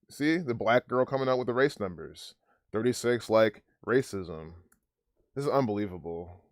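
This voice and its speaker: Low-pitched man commentator, dry close mic, rambling and profane. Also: no room sound. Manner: rambling, profane, pausing to decode numbers. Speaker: video commentator. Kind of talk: casual commentary over a clip.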